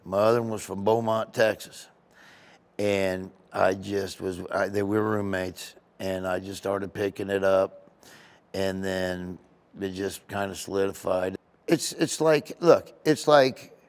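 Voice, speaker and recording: A man, a comedian being interviewed, telling casual rambling anecdotes in an animated way. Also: on the low side. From United States. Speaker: comedian guest.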